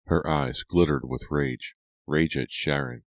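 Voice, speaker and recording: Deep-voiced male narrator for a teen horror audiobook; dramatic, measured, dry close sound. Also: steady tone, dry recording.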